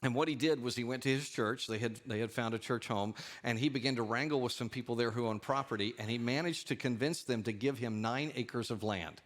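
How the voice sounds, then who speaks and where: A man's voice: mid-range voice, a little fast, few pauses. A male pastor preaching a sermon in a church, talking animatedly and lifting his voice for asides and quoted lines. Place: church sanctuary.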